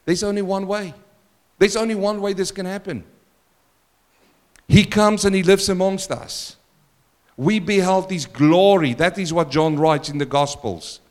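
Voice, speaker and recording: Male pastor mid-sermon, higher-pitched, lively and questioning, booming then hushed. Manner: animated preaching with questions to the congregation; swings between loud exclamations and quiet asides.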